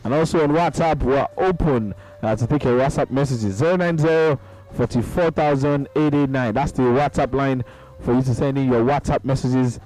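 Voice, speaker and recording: A man with a Nigerian accent hosts a casual call-in radio show, his medium-pitched, slightly mellow voice moving at a normal speed. He's jovial, laughs often, and slips into Pidgin while reading messages. The recording is rough, a radio broadcast with faint music underneath.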